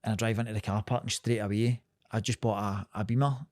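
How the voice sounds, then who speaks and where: A man's voice: on the low side, fast talker, no room sound, studio quality. A man in his thirties with a Scottish accent, co-hosting a podcast and telling a story in casual, sweary chat, laughing as he goes. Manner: lively, sweary, laughs through his stories. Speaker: podcast co-host.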